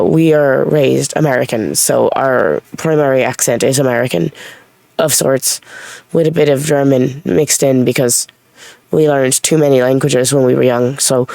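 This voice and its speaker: Gravelly voice with a light Irish lilt. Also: mid-range voice, darkish tone, no room sound. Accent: light Irish-tinged. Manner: rambling, self-correcting, blunt with a bit of swearing. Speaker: vlogger speaking as an alter named Reese. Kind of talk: casual unscripted talk to camera.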